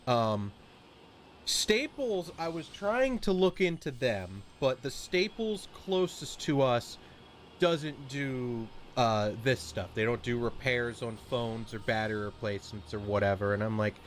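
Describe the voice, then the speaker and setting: A man's voice: medium pitch, expressive, unhurried, slight background noise. Man ranting casually on a game stream. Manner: rambling ranting with swearing. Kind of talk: casual chat while streaming.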